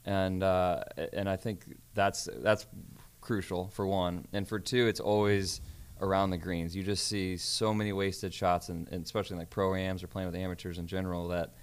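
A man's voice: low-pitched, level tone, normal speed, smooth. A man who is a professional golfer, talking earnestly as a guest in a casual chat, often restarting his sentences.

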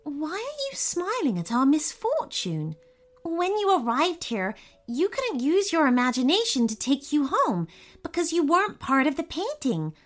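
A woman's voice: sits high, a little slow, voice pushed up. A woman voicing a kind, eager young boy in a storybook reading. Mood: excited. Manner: bright, nervous then excited.

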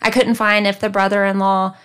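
A woman's voice: medium pitch, little pitch movement, brisk, a bit bright, clear, resonant tone. A woman from the American South hosting a podcast, narrating a true crime case with wry asides. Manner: conversational, reads facts then comments wryly. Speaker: podcast host.

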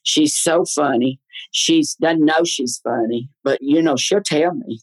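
A man, a guest on a talk show, telling stories in an animated, theatrical way. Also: a little slow, no echo, rough recording. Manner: lively, theatrical, swoops up high in his laughs. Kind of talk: animated storytelling in a chat show.

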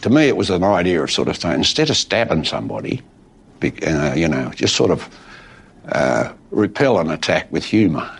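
Deep-voiced laid-back Australian man. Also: sing-song, normal speed, creaky, slightly rough. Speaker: interviewee. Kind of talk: relaxed interview recollection.

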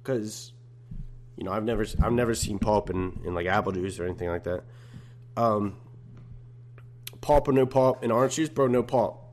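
A man's voice: lowish voice, normal speed, long pauses, darkish tone. A young man hosting a casual solo podcast, talking in a laid-back, slangy way. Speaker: podcast host.

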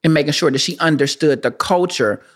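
A man co-hosting a casual podcast chat, an animated storyteller who laughs often. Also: a little high, brisk. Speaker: podcast co-host.

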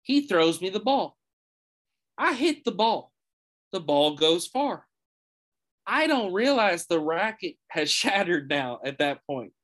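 A man's voice: high-pitched, sing-song, takes it slowly, long pauses, fairly bright tone. A man guesting on a podcast, telling funny stories in casual chat and swearing freely. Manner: comic storyteller, swears freely.

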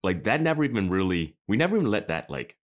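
A man co-hosting a podcast, chatting in a rambling, animated way. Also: lowish voice, quick pace. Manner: animated, rambling, bursts of laughter. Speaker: podcast co-host. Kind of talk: casual chat.

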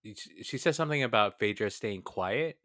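Enthusiastic podcast co-host with a lively voice. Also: medium pitch, normal speed, dry recording, clean studio sound. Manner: enthusiastic, chatty, laughs often. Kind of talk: casual recap chat.

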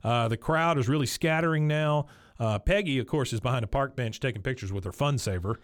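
A man's voice: mid-range voice, fairly quick, no echo, studio quality. A male podcast host casually recapping a cartoon episode, chatty and laughing as he retells scenes.

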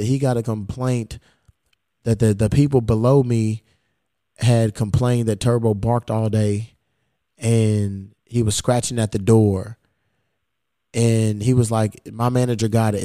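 A podcast host with a fairly low-pitched male voice tells a story in casual conversation, cursing constantly and acting out the exchanges he quotes. The recording is clean studio sound with no echo.

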